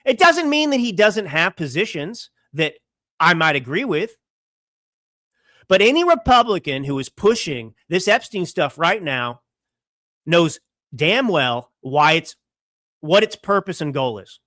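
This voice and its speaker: A man's voice: high voice, very animated, unhurried, fairly bright tone, no echo, studio quality. A young adult man hosting his own political show, delivering an indignant, combative monologue full of rhetorical questions. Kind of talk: fiery political commentary monologue. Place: California home studio.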